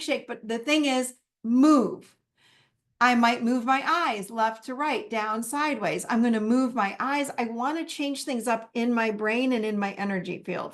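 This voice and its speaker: Casting: woman, fairly high voice, live self-help masterclass teacher, conversational, acts out her own self-talk.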